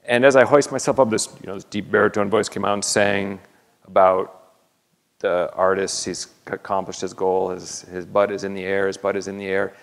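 A man with a low, gravelly voice gives a slide talk about his own art in a university lecture hall. He speaks haltingly and keeps breaking off to restart with fillers. The sound carries a long hall reverb. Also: level tone. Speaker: artist giving a lecture.

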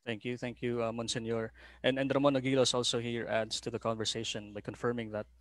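A man's voice: medium pitch, flat delivery, fast, a bit bright, dry recording. A man moderating an online panel discussion over a video call, musing aloud and reading out audience comments. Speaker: forum moderator.

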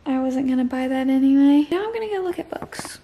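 A woman's voice: sits high, lively intonation, a little fast, muffled recording, slight background noise. A tired young woman chatting casually in a late-night book vlog, rambling with lots of "like" and "literally". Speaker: book vlogger.

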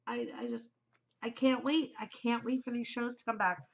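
A woman's voice: on the high side, very animated, moderate pace. A middle-aged woman hosting a casual chat podcast, chatty, emotional and gushing as she talks. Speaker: podcast host. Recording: muffled lo-fi home recording.

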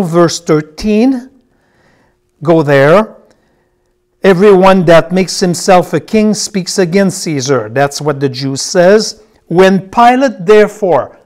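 A man leads a Bible class, repeating key phrases and telling students which words to circle as he reads aloud. His voice sits high with a darkish tone.

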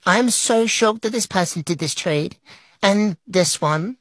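Excitable woman narrating her game trades, chatty and gushy, mid-pitched. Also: measured pace, no room sound. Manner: gushing, excitable, lots of fillers like "like". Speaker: game creator. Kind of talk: casual gameplay commentary.

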